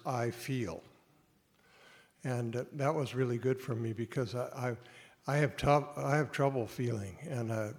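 A man speaks at a support group meeting, earnest and halting, pausing often on fillers. His voice sits at an ordinary pitch and carries a long reverb from a hall. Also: a little mellow.

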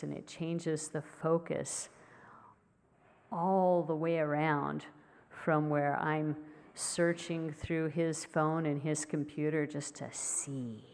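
A woman sharing earnestly at a recovery support meeting, halting with many fillers. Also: low voice, level tone, gravelly, darkish tone, big-room sound. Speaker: recovery group member sharing.

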